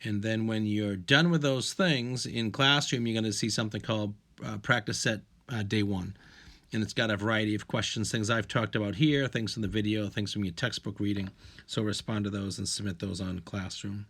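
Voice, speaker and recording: A man's voice: fairly low pitch, steady tone, normal speed, a bit bright. A man teaching a recorded online science lesson, walking students through slides in an explanatory way, often restarting phrases. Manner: explanatory, with frequent restarts and "if you will".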